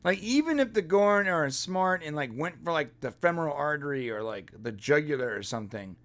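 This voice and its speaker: A man's voice: on the high side, animated, fairly quick, a bit bright. A man co-hosting a live TV review show, chatting casually and breaking into laughs between jokes. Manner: laughs often, jokey asides. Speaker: podcast co-host. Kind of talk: casual livestream review chat.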